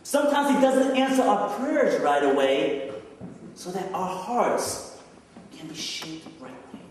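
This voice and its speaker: Male pastor, unhurried sermon delivery, rhetorical questions and casual asides; distant mic with long church reverb. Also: sits high, sing-song, a little hiss or hum. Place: church sanctuary. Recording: echoey church hall from far off.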